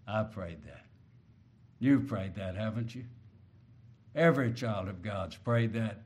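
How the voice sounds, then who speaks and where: Slow, emphatic male preacher. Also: deep voice, expressive. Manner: slow, emphatic, rising to loud shouted peaks on key words. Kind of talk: sermon.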